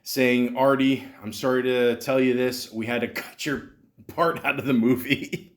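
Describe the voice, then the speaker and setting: A man's voice: medium pitch, steady tone, measured pace. A man from New Jersey hosting a podcast, reviewing movies in a loose, rambling, profane way with many fillers. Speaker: podcast host. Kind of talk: casual movie review monologue.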